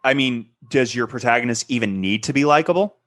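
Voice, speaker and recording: Playful co-host, mid-pitched man. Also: brisk, fairly bright tone. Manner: joking, playful questioner. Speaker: co-host asking questions. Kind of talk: casual chat.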